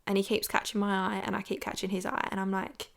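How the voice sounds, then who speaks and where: Creaky-voiced woman telling a story. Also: mid-range voice, completely flat delivery, fast talker. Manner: chatty, frank, lots of "like". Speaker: podcast host. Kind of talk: storytelling chat.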